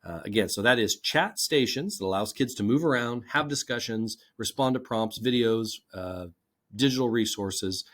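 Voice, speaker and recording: A man's voice: mid-range voice, normal speed, a bit bright. A man giving a conversational instructional presentation, explaining a classroom activity step by step. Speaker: teacher presenter.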